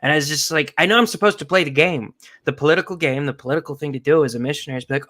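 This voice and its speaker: A man's voice: fairly high pitch, racing. A young man co-hosting a casual podcast, ranting and acting out the people in his stories. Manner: animated storytelling, acts out quoted people. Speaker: podcast co-host.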